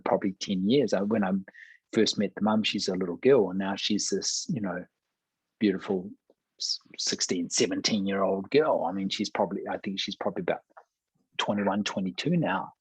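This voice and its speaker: Man, pastor, husky, fairly low voice, earnest storytelling. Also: steady tone, moderate pace, no room sound, low-quality recording. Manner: earnest storyteller, acts out quoted dialogue. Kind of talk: telling a testimony in conversation.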